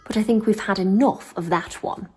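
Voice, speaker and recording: A woman voicing a soft but firm female cat librarian who narrates a children's show, speaking in a prim, formal announcing manner. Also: mid-range voice, normal speed, voice pushed up, natural voice. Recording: show clip with clear music behind.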